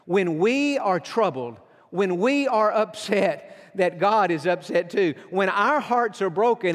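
A pastor preaching a sermon, earnest and emphatic, slowing down for weighty lines. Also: male voice, sits high. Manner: earnest, emphatic preaching with slow dramatic pauses. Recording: long hall reverb.

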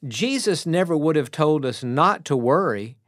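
A man with a slightly raised voice preaches a radio sermon, earnest and plainspoken. He slows down to lean on key words. The sound is dry and close, with no room around it. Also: a little high, lively intonation, no room sound.

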